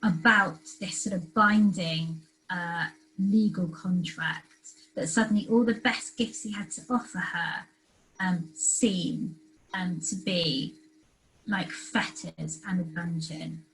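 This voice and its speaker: A woman's voice: on the low side, slow, fairly bright tone, a little hiss or hum, rough recording. A woman giving an academic lecture, hesitant and full of ums and uhs. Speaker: guest lecturer.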